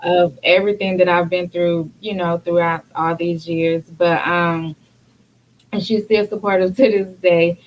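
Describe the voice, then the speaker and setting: A woman's voice: fairly low pitch, steady tone, measured pace, slight background noise, rough recording. A woman hosting a talk show, candidly and reflectively sharing her own experience in casual conversation. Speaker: podcast host.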